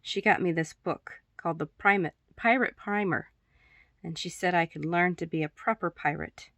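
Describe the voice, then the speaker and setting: A woman reading aloud, voicing a soft, innocent young woman who plays at being a pirate, in a lowish, dry voice. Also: normal speed, dry recording. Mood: playful. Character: playful childlike young woman pretending to be pirate.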